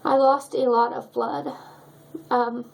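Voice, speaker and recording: Emotional young woman with a gravelly voice. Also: on the high side, level tone, takes it slowly, poor audio. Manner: emotional, choked up. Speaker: vlogger. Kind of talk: personal story vlog.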